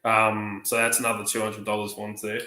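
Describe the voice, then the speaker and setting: Aussie bloke on a hangout stream, bright tone in a roomy space, spins long stories with quoted voices. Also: male voice, on the low side, completely flat delivery, a little fast. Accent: Australian. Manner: rambling storyteller, acts out quoted dialogue. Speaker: livestream panelist. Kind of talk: casual chat.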